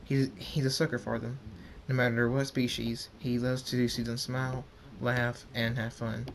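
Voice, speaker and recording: A man reading as a loyal male dragon who speaks bluntly and casually. The voice stays mid-pitched and plain, with small stumbles. A faint hiss sits under it. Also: level tone, moderate pace, gravelly, lightly acted.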